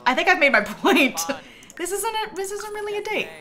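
A woman's voice: very high voice, lively intonation, moderate pace, pushed and bright. A woman streaming a life-simulation game, chatting casually and laughing as she talks to her characters. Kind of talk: casual gameplay commentary.

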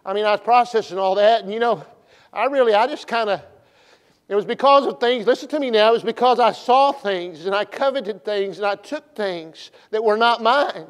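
A man preaching at a revival, telling a story in a folksy way and shifting from hushed to loud. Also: high voice, normal speed. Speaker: pastor. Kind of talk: revival sermon. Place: church sanctuary. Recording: long church reverb.

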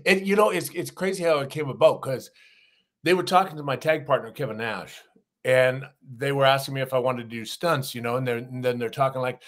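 Middle-aged male guest, mid-pitched, spins animated anecdotes. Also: a little fast. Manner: animated anecdotes with acted-out quotes and laughs. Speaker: guest, actor and former wrestler. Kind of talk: casual storytelling interview.

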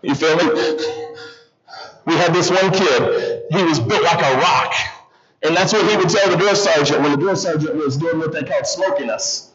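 High-voiced man preaching a lively sermon. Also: normal speed, a crowd in the background. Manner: animated, keeps questioning the congregation. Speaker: guest pastor preaching. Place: church sanctuary with congregation. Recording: slightly dull church recording with audible congregation.

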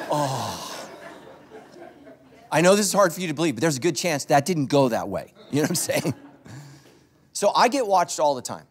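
With lively intonation and a slightly fast delivery, this mid-range-voiced pastor jokes his way through a conversational sermon. He stands on the church stage, telling funny stories directly to his congregation.

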